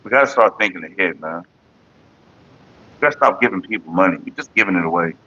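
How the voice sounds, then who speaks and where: A man's voice: low voice, expressive, fast, lo-fi sound. A man chatting casually and profanely on a morning livestream, rambling to his viewers and his partner. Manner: sings loudly and off-key at times. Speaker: vlogger.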